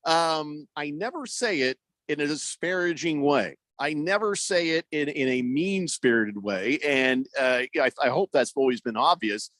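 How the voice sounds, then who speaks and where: Sports radio host, male, slightly high voice, dry studio sound, rambling joker. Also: expressive, measured pace, few pauses, fairly bright tone, no echo. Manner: rambling and joking, many fillers. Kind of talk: casual sports talk radio.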